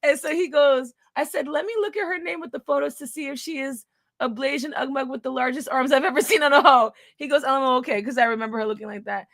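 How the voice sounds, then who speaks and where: Woman commentator, high bright voice, dry close sound, crude and mocking, reads texts aloud between sudden loud jabs. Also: fast, no room sound. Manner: shifts from hushed asides to loud outbursts. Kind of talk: profane commentary reading out text messages.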